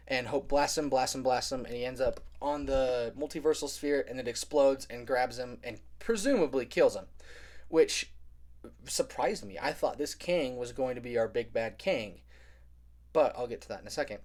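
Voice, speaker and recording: A young man casually recapping a film plot in a spoiler review, rambling and full of filler words. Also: mid-range voice. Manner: rambling, heavy use of "like", animated retelling.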